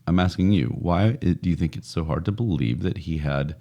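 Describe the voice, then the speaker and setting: A man's voice: low voice, a little fast, mellow, highs cut off. A man co-hosting a casual podcast, chatty and joking, often laughing at his own stories. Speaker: podcast co-host.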